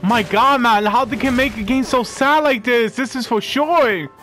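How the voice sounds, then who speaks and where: Brief: emotional gamer guy, very high voice, light game music behind. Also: moderate pace, bright, forceful tone. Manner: openly moved, exclaiming and sighing. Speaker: gamer playing through a game. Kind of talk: emotional let's-play commentary.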